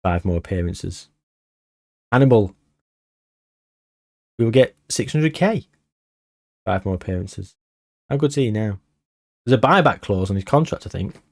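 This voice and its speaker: A man giving excited, swearing commentary on a football management game he is playing. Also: fairly low pitch, unhurried, gravelly, long pauses. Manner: animated, swearing, shouting at the match. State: out of breath. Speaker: gaming streamer.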